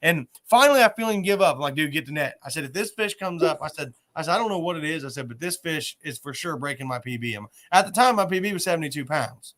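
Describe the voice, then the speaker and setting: A man hosting a casual chat, telling a fishing story in an animated way and often repeating words. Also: fairly high pitch, fast talker, few pauses. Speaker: host.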